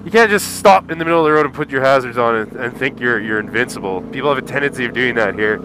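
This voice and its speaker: A man's voice: mid-range voice, lively intonation, fast, hardly any pauses. Profane man ranting from a motorcycle. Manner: profane, jokey ranting at traffic. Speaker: motovlogger. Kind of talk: casual riding commentary. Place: riding a motorcycle on city streets. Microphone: helmet headset mic. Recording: loud road and wind noise.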